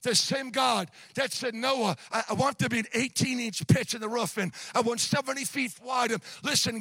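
A man preaching a sermon in a shouting, sing-song cadence, repeating words as he tells a story. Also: very high voice, normal speed, few pauses, husky, dry recording. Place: church.

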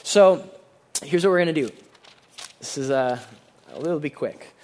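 Guy preaching, higher voice, chatty and earnest, lots of "like" and restarts, drops low n quiet to make a point. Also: normal speed. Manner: earnest, conversational preaching with many fillers and restarts. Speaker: pastor. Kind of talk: sermon.

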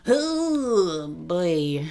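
A woman co-hosts a casual podcast, talking in an animated, laughing way. Her voice sits low and carries a gravelly fry. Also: extremely slow. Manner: animated, laughing, full of fillers. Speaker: podcast co-host. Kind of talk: casual chat.

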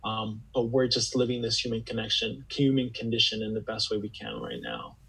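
A man's voice: fairly low pitch, expressive, a little fast, creaky, noisy background. A man speaking as a guest in a reflective conversation, earnest and searching, often repeating words as he gathers his thoughts. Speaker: podcast guest.

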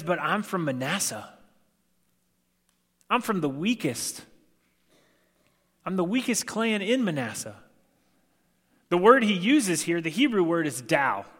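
A man's voice: a little high, sharp tone. A young adult man preaching a sermon in a conversational, self-deprecating way, acting out the quotes he tells. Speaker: pastor. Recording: long hall reverb.

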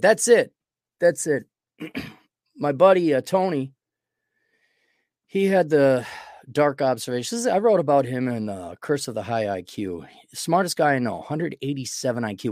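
This podcast host has a fairly high, slightly mellow voice, captured in a dry, clean studio recording. Talking casually through a cold, he delivers a rambling solo monologue full of self-deprecation.

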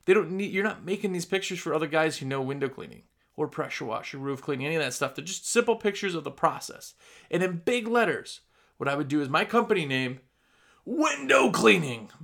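Emphatic Midwestern man with a higher voice. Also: lively intonation, a little fast, a bit bright. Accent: Midwestern American. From Wisconsin. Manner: emphatic, plain-spoken, acts out customer dialogue. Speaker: window cleaning business owner giving advice. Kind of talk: casual business coaching talk.

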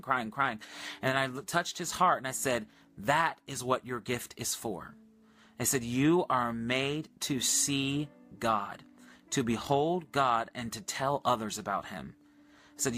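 A man ministering on a livestream, earnestly retelling a prayer encounter in casual storytelling with much quoted dialogue and excited high points.

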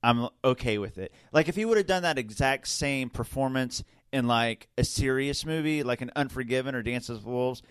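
A man hosting a casual film review podcast, animated, talking in quick restarts. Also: medium pitch, clean tone, no room sound. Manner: animated, restarts and laughs often. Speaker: podcast host.

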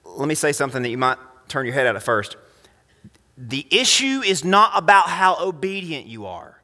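A man preaching a sermon as pastor, emphatic, swinging between loud high phrases and quiet low ones. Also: big pitch swings, moderate pace. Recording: long reverb of a hall.

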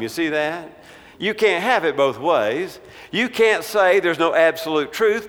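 A man's voice: fairly high pitch, fairly bright tone. Emphatic preaching man in an echoing hall. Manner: emphatic, dramatic pauses, drops voice at phrase ends. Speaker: pastor. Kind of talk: sermon. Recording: long reverb in a large hall.

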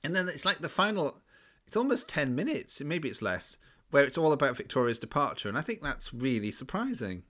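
Casting: man, chatty podcast co-host, enthusiastic, very lively pitch, laughs easily. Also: fairly quick. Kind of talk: casual chat.

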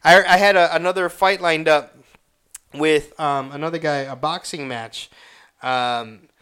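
Young man, bright tense voice, rambling and profane, casual storytelling. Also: fairly high pitch, fairly even intonation, a little slow, smooth. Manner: profane, rambling, reenacts his own pained outbursts.

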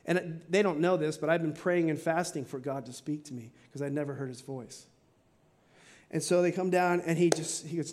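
Man, middle-aged, high voice, pastor, sermon, earnest, slow emphatic phrases, quick asides. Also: darkish tone. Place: church sanctuary.

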